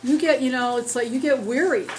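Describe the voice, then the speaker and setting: Lady preaching, kinda high voice, going hoarse, earnest and rambly, talking loud w/o a mic. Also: a little fast, a little hiss or hum, rough recording. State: losing her voice. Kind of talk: conversational sermon. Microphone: speaking loud without a microphone.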